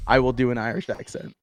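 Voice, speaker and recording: A young man calls a speedrun race in a relaxed, chatty voice, laughing often between comments. He sounds like he is on a headset mic. Faint game music runs underneath. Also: medium pitch. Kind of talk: live esports commentary.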